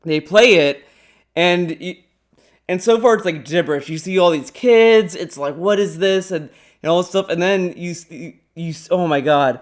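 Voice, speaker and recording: A man streaming casual commentary, rambling excitably and swearing often as he talks. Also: a little high, moderate pace. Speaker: streamer reacting to a clip.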